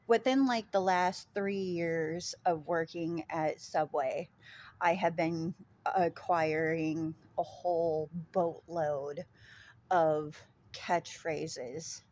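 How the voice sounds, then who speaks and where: A woman with a Minnesota accent talks casually to her vlog audience. She rambles at an unhurried pace in a fairly low voice, filling gaps with ums and dropping casual swear words. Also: fairly even intonation. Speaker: vlogger. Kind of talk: casual chat.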